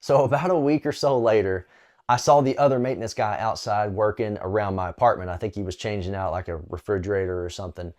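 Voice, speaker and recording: A man's voice: fairly low pitch, fast talker. Casual man telling a personal story. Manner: conversational, relaxed, with frequent "uh" and "you know". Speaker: storyteller sharing a faith testimony. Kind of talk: casual spoken testimony.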